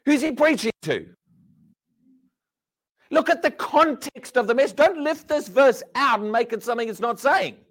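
Male preacher, high and lively pitch, sermon full of rhetorical questions, shifting between loud and hushed lines. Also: normal speed, long pauses.

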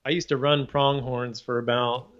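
A man's voice: mid-range voice, little pitch movement, moderate pace, muffled recording. A man in a casual talk, answering in a laid-back way with short replies. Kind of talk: casual chat.

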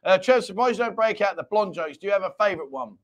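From his small home studio, a host runs a laid-back live-stream chat show, rambling and joking as he reads viewer comments aloud. His voice is high and expressive, and he speaks quickly.

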